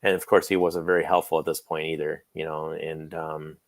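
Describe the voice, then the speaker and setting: A low-voiced man recalls a friend in a relaxed talk-show chat. He rambles, stops for fillers and acts out the lines of the people in his story. The sound is dry and close. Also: fairly quick, dry recording. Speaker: guest, friend of the late actor. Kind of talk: casual interview storytelling.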